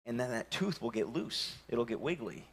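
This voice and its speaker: A man, preaching a sermon and telling lively personal stories, acting out the voices of the people in them. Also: medium pitch, moderate pace, breathy edge. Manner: animated storytelling, acting out voices. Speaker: pastor. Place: church sanctuary.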